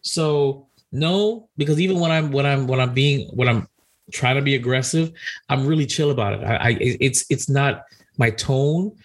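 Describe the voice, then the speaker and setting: Husky-voiced, chill podcast co-host man. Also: mid-range voice, normal speed. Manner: blunt, chill, teasing. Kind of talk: casual podcast chat.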